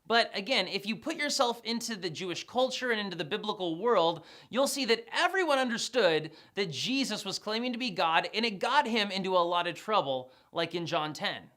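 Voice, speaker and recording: A woman's voice: mid-range voice, expressive, normal speed, hardly any pauses, a bit bright. A woman giving an explanatory Bible lesson in a conversational, emphatic way. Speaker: Bible teacher.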